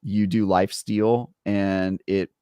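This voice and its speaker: A man's voice: lowish voice, steady tone, slow pace, mellow, clear, resonant tone, no echo. A man co-hosting a gaming podcast in casual chat, rambling through stories and poking fun at himself. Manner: rambling, self-deprecating storyteller. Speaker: podcast co-host.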